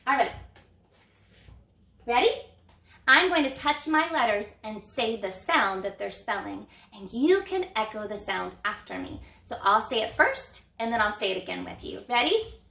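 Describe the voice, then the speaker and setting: A woman teaching an early reading lesson to young children, speaking in an encouraging, sing-song way and modeling letter sounds slowly. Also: fairly high pitch, sing-song, creaky, pushed and bright, echoey room.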